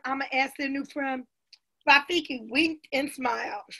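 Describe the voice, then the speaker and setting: A middle-aged woman storyteller reading a children's picture book aloud, lively, and talking directly to the children listening. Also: high voice, unhurried, vocal fry, breathy edge.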